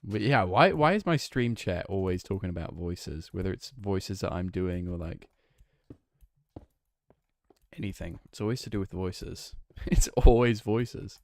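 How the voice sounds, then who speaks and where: A man's voice: deep voice, normal speed, hardly any pauses, dry recording. A young man with a northwest English accent close to Manchester, chatting casually with his stream chat while he plays, rambling and restarting his sentences. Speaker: game streamer.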